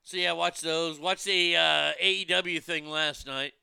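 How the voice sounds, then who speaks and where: A man talking in a loose, rambling chat, swearing freely and tripping over his own words. His voice is gravelly with fry, yet bright and crisp. The sound is close and dry, with no room around it. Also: a little high, fairly even intonation, unhurried, no echo. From United States. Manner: profane, blunt, rambling with many restarts.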